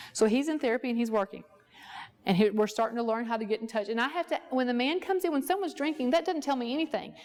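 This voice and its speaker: In a ranch workshop room, a woman therapist with a high, slightly mellow voice teaches by way of a client example, asking the audience rhetorical questions along the way.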